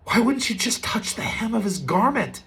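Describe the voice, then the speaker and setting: A male servant urges and pleads with his master, as a preacher puts him on. His voice rises high and presses insistently. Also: unhurried, fairly bright tone. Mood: pleading.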